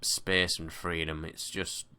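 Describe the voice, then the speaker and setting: Man, deep voice, bright and crisp tone, casual game commentary, excitable bursts. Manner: excitable match commentary with quick bursts and sighs. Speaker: gaming commentator. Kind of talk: casual let's-play commentary.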